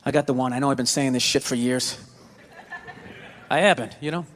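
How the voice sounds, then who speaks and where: A man with a Boston accent doing a stand-up comedy set, ranting sarcastically and swinging from low mutters to yelled bits. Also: brisk, slight background noise. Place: comedy club stage. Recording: reverberant venue with crowd laughter. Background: audience laughter.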